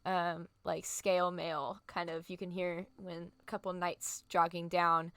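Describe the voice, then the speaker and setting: A woman's voice: fairly low pitch, flat delivery, a little slow, a bit bright, clean tone, no echo. A woman narrating as game master of a tabletop game, descriptive and full of fillers. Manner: descriptive, filler-heavy, laughs easily.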